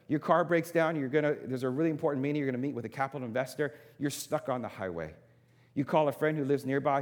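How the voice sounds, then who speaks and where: Male preacher, mid-pitched, emphatic and conversational, reverberant church hall. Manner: emphatic repetition, conversational asides to congregation. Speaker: pastor. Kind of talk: sermon.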